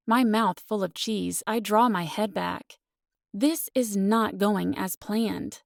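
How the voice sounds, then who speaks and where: A woman narrating a first-person romance audiobook with expressive, earnest storytelling. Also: medium pitch, takes it slowly, vocal fry, no echo, clean studio sound.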